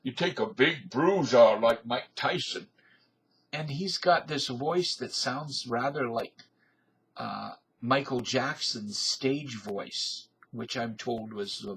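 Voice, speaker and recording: Slow, husky man in his fifties. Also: mid-range voice, fairly bright tone, low-quality recording. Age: 50s. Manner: folksy, digressive, filler-heavy. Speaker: video blogger. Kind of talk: rambling casual monologue.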